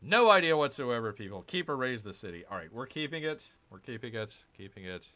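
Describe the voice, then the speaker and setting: A man's voice: mid-range voice, sing-song, fairly quick, pushed and bright. A man giving casual gameplay commentary, grumbling and sarcastic as he talks to his viewers. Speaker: gaming channel host.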